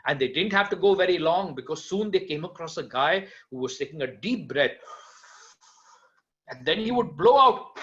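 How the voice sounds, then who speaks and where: A man telling a folk tale aloud in an animated way, with playful asides to his listeners. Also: high voice. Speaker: storyteller. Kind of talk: oral folk-tale storytelling. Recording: dull lo-fi recording.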